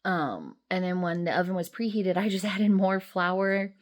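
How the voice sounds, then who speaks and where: A woman's voice: lowish voice, normal speed. A woman vlogger and rideshare driver talking in a chatty, rambling, emotional and upbeat way. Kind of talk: casual vlog chat.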